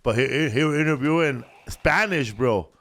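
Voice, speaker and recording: A man's voice: a little high, moderate pace, fairly bright tone. A man co-hosting a casual podcast, rambling and swearing with lots of restarts and fillers. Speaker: podcast co-host.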